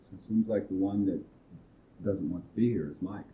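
A deep-voiced man talks in a quiet, hesitant way, searching for what to say. The recording sounds echoey and thin, like a phone line in a big room. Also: a little fast, slight background noise. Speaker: workshop participant. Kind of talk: hesitant sharing in a group.

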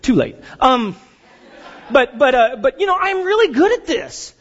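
A man preaching a sermon as pastor, animated and joking, sometimes acting out the voices of the people he quotes. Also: extremely high pitch, measured pace, in a large hall, muffled recording.

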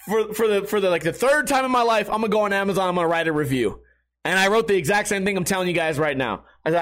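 A man's voice: high-pitched, expressive, fast talker, a bit bright. A man hosting a podcast, telling a rambling, profane, self-mocking comic story while a bit tipsy. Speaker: podcast host. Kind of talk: casual comedic storytelling.

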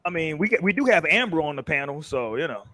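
A middle-aged man with a notably high speaking voice hosts a relaxed panel chat. He is blunt and teasing, and he keeps steering the other panelists. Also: quick pace. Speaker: podcast host.

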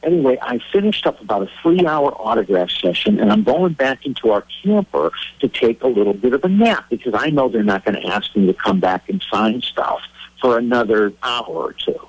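A husky-voiced man calling in as a guest, spinning an animated story. The sound is dry and close, as if over a phone line. His pitch climbs as the story gets exciting. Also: a little fast, no echo. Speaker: cartoonist guest.

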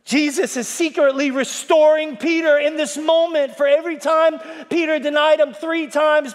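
A male pastor preaching a sermon, folksy, swinging from shouting to hushed tones and calling out to the congregation. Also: very high voice, steady tone, moderate pace, hardly any pauses. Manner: folksy, repeats calls to the congregation. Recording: long hall reverb.

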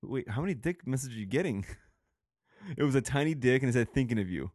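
A man riffs on a talk show, full of swearing and quick laughs as he rambles through his point. His voice sits mid-pitched and plain. The mic is close and dry, with no room around him. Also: animated, darkish tone, no room sound. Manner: profane, rambling, laughs often. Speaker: podcast co-host. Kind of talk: crude casual banter.

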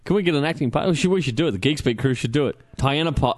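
A man's voice: fairly high pitch, expressive, racing, noisy background. An Australian man hosting a casual podcast, joking and swearing freely. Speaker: podcast host.

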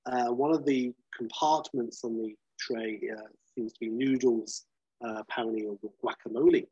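A man with a husky, mid-pitched voice spins an animated comic pitch, full of ums and uhs. The recording is dry and a little dull. He talks casually, as if chatting with friends. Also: normal speed, no echo. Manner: animated storytelling, many fillers, laughs, acts out scenes. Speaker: podcast co-host pitching a film idea. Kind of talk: casual comedic chat. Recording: dry, slightly dull lo-fi sound.

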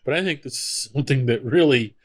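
A man co-hosting a casual podcast, playful, slowing down to explain things. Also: medium pitch. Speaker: podcast co-host. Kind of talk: casual banter.

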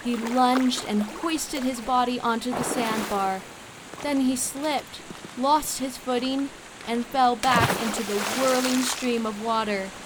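An audiobook narrator reads a scripted children's story in a slow, clear, fairly high voice, with a steady hiss in the background.

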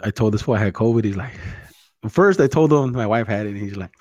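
A man's voice: fairly low pitch, lively intonation, quick pace, darkish tone. A man, hosting a casual chat, swearing a lot and mixing in Spanish slang. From California. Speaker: podcast host.

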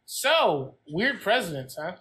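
A male podcast co-host with a bright, forward voice. He jokes around playfully in loose conversation. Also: sits high, big pitch swings, takes it slowly. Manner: joking, playful. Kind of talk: casual podcast chat.

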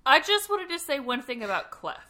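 A woman's voice: high voice, sing-song, fairly quick, sharp tone. A woman co-hosting a casual book discussion, chatty and swearing freely. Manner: swearing, chatty, laughing asides. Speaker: book club podcast co-host. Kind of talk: casual chat.

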